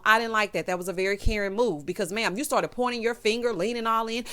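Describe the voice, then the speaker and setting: A young adult woman, host of a casual reality show recap, talking in a sassy, animated way and calling her listeners honey and child. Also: mid-range voice, fairly quick, few pauses.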